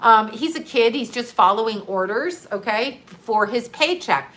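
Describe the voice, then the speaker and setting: A woman talking casually on a live stream, animated and sarcastic, often breaking into laughter. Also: fairly high pitch, measured pace.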